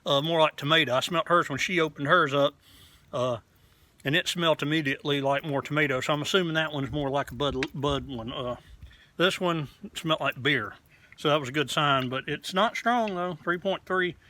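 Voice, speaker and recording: A man's voice: fairly high pitch, normal speed, bright, forceful tone. A man hosting his own casual beer review vlog, talking in a rambling, frank way and swearing casually. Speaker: beer reviewer, channel host. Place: outdoors.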